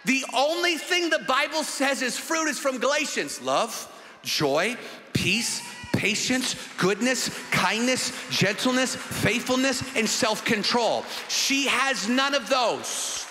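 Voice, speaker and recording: A man's voice: extremely high pitch, expressive, takes it slowly, bright, forceful tone, faint music behind. A man pastor preaching a sermon emphatically, with long repetitions. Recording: long hall reverb.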